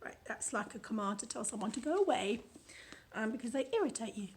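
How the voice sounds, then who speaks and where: A woman's voice: a little high, animated, quick pace. A British woman with a chatty, playful manner, casually reading from her own book and adding commentary. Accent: British English. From United Kingdom.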